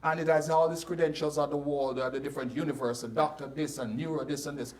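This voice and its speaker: A man's voice: fairly high pitch, fast. A man with a Jamaican accent hosting a casual panel talk, telling stories with lots of restarts. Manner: animated storyteller, lots of restarts. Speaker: host. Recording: voice a bit far from the mic.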